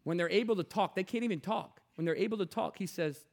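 A man with a very high-pitched voice preaches a sermon. He tells stories in a hushed voice, then builds to loud, urgent calls to his listeners. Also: quick pace, gravelly. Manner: swings from hushed storytelling to loud exhortation.

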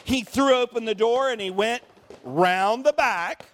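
A man's voice: extremely high pitch, unhurried, slight background noise. A man leading a church service, telling a picture-book story and asking the audience questions. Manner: animated, asks the audience questions. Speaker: pastor.

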